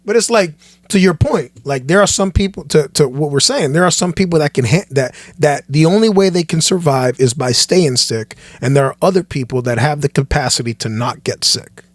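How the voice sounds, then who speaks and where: A man with a fairly high voice chats on a podcast as a guest pastor. He talks in an animated, sermon-like way, looping back and restarting phrases as he builds his point. The sound is close and dry, with no room echo. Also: moderate pace. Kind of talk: casual podcast chat.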